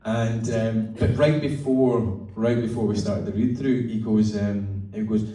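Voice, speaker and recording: An actor telling chatty, swearing, laughing stories at a festival talk, heard from the audience. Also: male voice, on the low side, steady tone, unhurried, mellow. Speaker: actor guest. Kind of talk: onstage festival interview. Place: festival event hall. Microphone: audience phone far from stage. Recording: echoey hall recorded from far off in audience.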